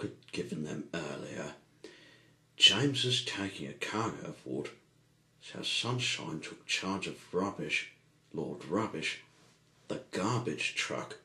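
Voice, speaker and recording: A man reads a children's story aloud with a low, bright voice. He goes slowly, stumbling and rephrasing as he reads. An echoey room rings around him. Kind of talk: amateur storybook reading.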